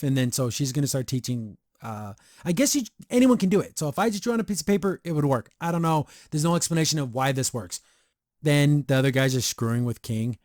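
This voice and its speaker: A man hosting a podcast, giving a casual episode review in a rambling, excitable way full of fillers. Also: fairly high pitch, brisk, no echo, clean studio sound. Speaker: podcast host.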